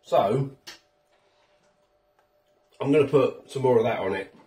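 A man's voice: medium pitch, slow pace, dark tone, distant mic. Chatty man in an echoey kitchen. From England. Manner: chatty and rambling, talks while eating. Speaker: food vlogger. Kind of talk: casual food review vlog. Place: home kitchen.

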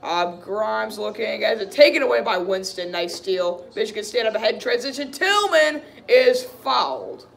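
A man's voice: high voice, a little fast, creaky, few pauses. A man giving a live play-by-play reaction as a frustrated fan, calling plays, venting and saying "dude" often. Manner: excitable, frustrated partisan fan who keeps saying "dude".

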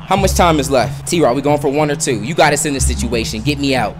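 A young man giving excited live commentary on a football video game, bursting into shouts with friends in the room. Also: medium pitch, fast talker. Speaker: gameplay commentator. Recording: loud music over the voice.

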